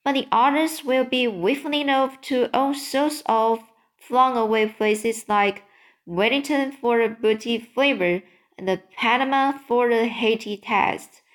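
A woman's voice: fairly high pitch, unhurried, voice pushed up, close to an everyday voice. A woman reading the part of a big friendly male giant from a storybook, speaking in jumbled grammar and made-up words. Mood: muddled. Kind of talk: read-aloud storybook.

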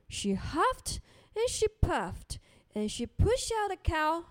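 A woman reading a children's picture book aloud in a gentle, sing-song way, then teaching words to kids. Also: very high-pitched, huge pitch swings, slow, no echo. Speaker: storyteller for children.

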